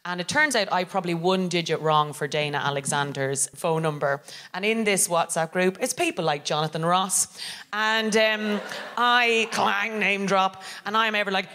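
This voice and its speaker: An Irish woman co-hosting a live podcast, telling a funny story with lots of laughter and acted-out voices. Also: normal speed. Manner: animated, laughing, acting out quotes in high voices. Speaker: co-host. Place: live show on a theatre stage.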